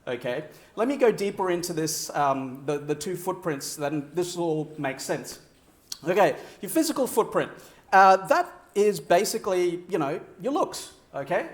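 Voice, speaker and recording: Male keynote speaker with a high, animated voice and a roomy hall echo, talking straight to the audience. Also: normal speed. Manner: animated, audience-directed, frequent "right?" checks. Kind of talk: energetic conference keynote. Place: large conference hall.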